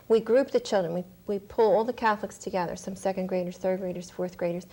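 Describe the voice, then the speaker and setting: A woman's voice: mid-range voice, a little mellow. A woman who is a religious sister and school principal, explaining her school earnestly in a TV panel discussion, with small hesitations.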